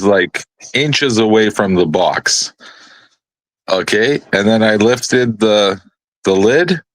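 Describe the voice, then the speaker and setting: A man's voice: on the low side, a bit bright, no echo. A man telling a rambling, profane story in a casual live panel chat.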